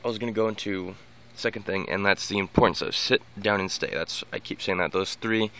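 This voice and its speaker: Low gravelly man rambling about dog training. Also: a little fast, bright, forceful tone. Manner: rambling, many restarts and repeated words. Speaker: dog owner giving training tips. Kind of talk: casual unscripted vlog monologue.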